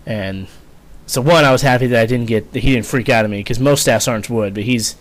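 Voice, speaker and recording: A man's voice: medium pitch, brisk. A young man casually telling a rambling, profane story, full of fillers and swearing. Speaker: vlogger, former Marine.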